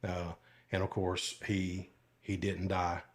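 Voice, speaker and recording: A folksy older man from Alabama, a retired sheriff's deputy, talks slowly in a low, monotone voice as a podcast guest. In this casual storytelling interview he rambles, with many fillers and asides.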